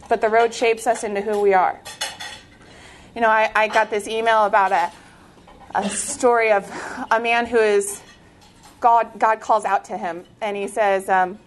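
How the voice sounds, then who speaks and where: A young American woman gives an inspirational talk and tells her story with animated energy and the odd laugh. Her voice sits slightly high. A faint hum of background noise runs under the recording. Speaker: speaker sharing a faith testimony.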